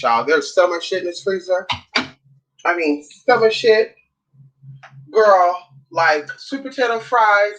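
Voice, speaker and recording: Bright-voiced sassy woman vlogger. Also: medium pitch, rough recording. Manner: sassy, profane, chatty, calls viewers girl and honey. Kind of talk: casual chat to camera.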